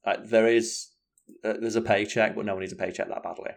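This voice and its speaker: A man chatting casually as a podcast co-host, telling stories in an animated, sweary way. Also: lowish voice, fairly quick, creaky. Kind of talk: casual chat.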